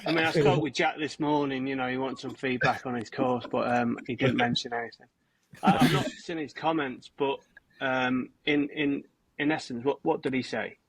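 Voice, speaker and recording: A man's voice: mid-range voice, fairly even intonation, normal speed, husky, no room sound, low-quality recording. A man appearing as a guest coach on a podcast over a video call, answering in a cautious, hesitant way. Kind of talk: casual podcast interview.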